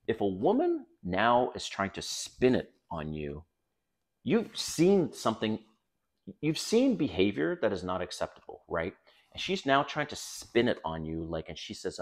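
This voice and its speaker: A man's voice: fairly low pitch, huge pitch swings, unhurried. A middle-aged man hosting a dating advice video, talking bluntly and casually to camera, swearing now and then and calling his viewers guys.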